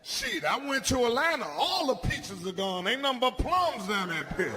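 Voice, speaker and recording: A stand-up comedian man with a high-set voice, speaking with loud, brash swings between low growls and shouts. Faint room noise sits under his set. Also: very animated, normal speed, few pauses. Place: comedy stage with live audience.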